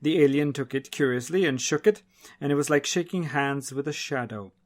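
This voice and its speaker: A man narrating a short science fiction story in a steady storytelling voice, dropping his voice on the speech tags. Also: a little high, moderate pace. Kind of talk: audiobook reading of a short story.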